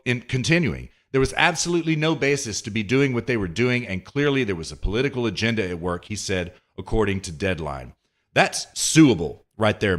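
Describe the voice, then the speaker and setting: A man's voice: medium pitch, fairly bright tone. A man hosting a political commentary podcast, reading news excerpts aloud and reacting with sarcastic indignation. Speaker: podcast host.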